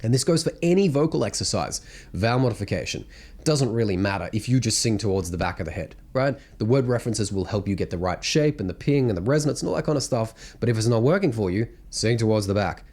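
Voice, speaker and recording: A man's voice: lowish voice, lively intonation, fast talker, a little mellow. A man teaching vocal technique in a blunt, casual way, breaking into hums and sung demonstrations. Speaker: singing coach. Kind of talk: vocal technique lesson to camera.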